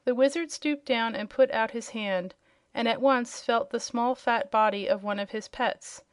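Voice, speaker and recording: A woman narrating a children's audiobook chapter in a clear, steady storytelling voice. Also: on the high side, normal speed, dry recording, studio quality.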